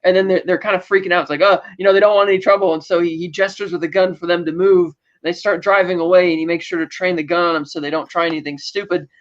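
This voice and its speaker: A man's voice: high voice, fairly even intonation, quick pace, few pauses, lo-fi sound. A man co-hosting a podcast, casually recapping a TV episode and loosely paraphrasing what the characters say. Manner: loose retelling, paraphrasing characters' lines with "blah, blah, blah". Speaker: podcast co-host.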